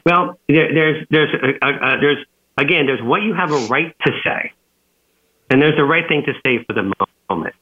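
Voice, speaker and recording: A man who is an author and businessman, telling a story as an interview guest, with many fillers and restarts. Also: mid-range voice. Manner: rambling, frequent fillers and restarts. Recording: tinny phone-line audio.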